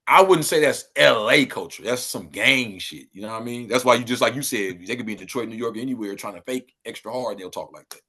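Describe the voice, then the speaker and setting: A man from Los Angeles talking loosely as a podcast guest, breaking into animated exclamations. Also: medium pitch, a little fast, hardly any pauses. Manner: loose street talk, animated and exclaiming when riled. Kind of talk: casual interview chat.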